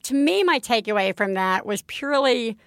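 A woman co-hosting a podcast in casual chat, telling a story with lively acted-out quotes. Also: a little high, moderate pace, no room sound, clean studio sound. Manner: animated storytelling, acts out quotes. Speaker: podcast co-host.

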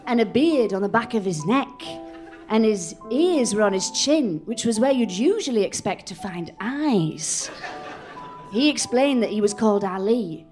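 A woman narrating an absurd comic story on a live stage, in a deadpan manner. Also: medium pitch, a little slow, soft background music. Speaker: comedian narrator.

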